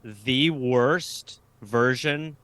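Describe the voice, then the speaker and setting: An American man, a comedian guest, chatting casually over a video call, riffing animatedly with rapid asides and swearing. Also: medium pitch, fairly bright tone, no room sound. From United States. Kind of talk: casual chat.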